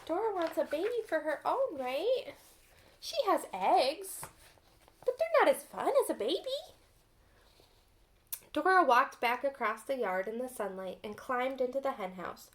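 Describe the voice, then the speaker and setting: A woman reads a picture book aloud to young children, gentle and patient, stopping to ask what they think. Her voice is high and her pace slow and deliberate. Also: big pitch swings, slight background noise. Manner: gentle, asks children questions. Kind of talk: children's storybook read-aloud.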